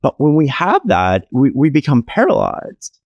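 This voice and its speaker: A man, an author being interviewed, talking in a relaxed, anecdotal way with many casual fillers. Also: mid-range voice, unhurried, vocal fry, no echo, lo-fi sound. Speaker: author and podcast guest. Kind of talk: conversational interview storytelling.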